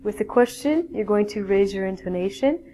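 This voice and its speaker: A woman teaching a basic English grammar lesson in a classroom style, explaining slowly and checking in often with "okay?". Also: mid-range voice, expressive, warm tone, slight background noise. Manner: slow, clear teaching with many "okay?" checks.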